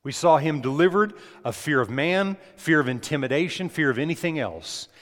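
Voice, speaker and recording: A man's voice: a little high, expressive, moderate pace. Guy preaching a sermon, asks the crowd stuff, big echoey hall sound. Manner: emphatic preaching, asks the congregation questions. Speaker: pastor.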